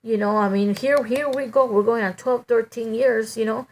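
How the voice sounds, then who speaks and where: A middle-aged woman giving a halting, emotional personal testimony, full of "you know" and restarts. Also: fairly high pitch, steady tone.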